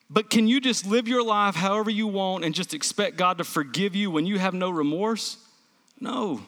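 A man's voice: high voice, fairly bright tone, big-room sound. A male pastor preaching a sermon, emphatic, asking the congregation rhetorical questions and answering them himself.

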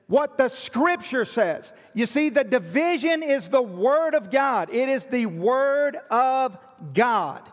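A man preaching a sermon in a church, emphatic and building his points through repeated lists. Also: very high-pitched. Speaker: pastor. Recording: long reverb of a large hall.

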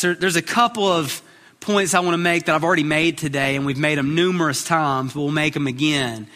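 A man's voice: on the high side, steady tone, a little fast, sharp tone, long reverb tail. A man preaching a sermon as pastor, earnest, often repeating words as he starts a phrase.

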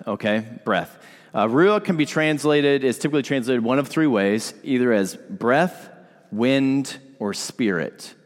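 A man's voice: mid-range voice, in a large hall. A man preaching a sermon in a conversational way, speaking directly to his congregation. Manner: conversational, asks the congregation to respond. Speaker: pastor.

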